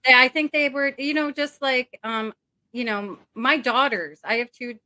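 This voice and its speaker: A woman's voice: high voice, normal speed, bright, forceful tone, no echo. A middle-aged woman talking as an interview guest over a video call, rambling and emotional with many fillers.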